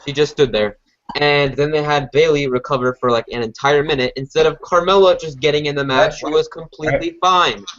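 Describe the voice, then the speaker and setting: A man's voice: a little high, fairly quick. Chatty man hosting a podcast, lo-fi. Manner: relaxed, chatty, many fillers. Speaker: podcast host. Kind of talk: casual show review. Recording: dull lo-fi recording.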